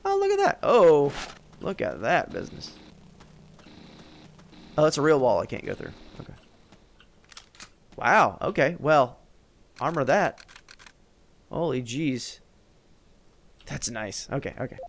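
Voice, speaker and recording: A man's voice: medium pitch, expressive, slow, gravelly, pauses often, a little hiss or hum. A man giving let's play commentary, swearing and yelping in frustration as he plays. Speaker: gameplay commentator.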